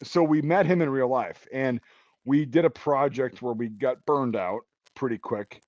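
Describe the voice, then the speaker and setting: A man hosting a casual stream chat, crude and rambling, with loud bursts of laughter. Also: mid-range voice, measured pace, no echo. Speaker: stream host. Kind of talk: casual banter. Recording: dull, dry lo-fi mic.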